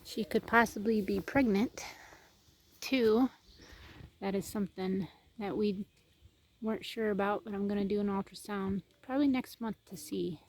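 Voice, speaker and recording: This homestead vlogger strolls around her farm showing viewers the place, chatty throughout and switching to a higher, cooing voice for her animals. Her tone is darkish, her pace moderate, and she pauses often.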